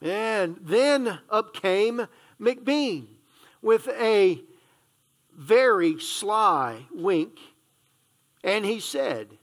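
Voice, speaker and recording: Male pastor reading a children's book aloud, slow and playful, with asides. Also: high-pitched, expressive. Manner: reads slowly and playfully, stumbling and correcting himself, adding asides.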